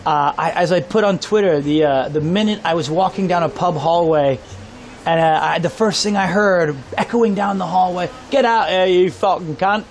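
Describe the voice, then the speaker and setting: A man from Kansas telling excited stories while live streaming outdoors by a pub, swearing freely. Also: a little high, moderate pace, slight background noise. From Kansas, USA. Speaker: IRL streamer. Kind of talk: casual live stream storytelling. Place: outdoors on a town street by a pub.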